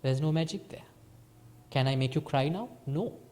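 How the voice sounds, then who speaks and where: Soft-spoken Sri monk, high voice. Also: male voice, normal speed. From Sri Lanka. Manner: lively teaching, swings between soft and emphatic. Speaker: Buddhist monk teacher. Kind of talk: dharma talk to a small group.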